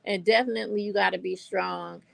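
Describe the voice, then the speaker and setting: A woman's voice: medium pitch, fairly even intonation, fairly quick, vocal fry, a bit bright, dry recording. An older woman with a North Carolina Southern accent, chatting to viewers as a vlogger and telling a story, calling them y'all. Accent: North Carolina Southern American. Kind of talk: casual chat to camera.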